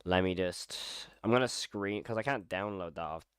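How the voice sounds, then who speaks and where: A man's voice: sits low, moderate pace, a bit bright, clear, resonant tone, no echo, studio quality. A man hosting a casual live horror reaction stream, thinking aloud, rambling and repeating phrases as he goes. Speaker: horror channel host.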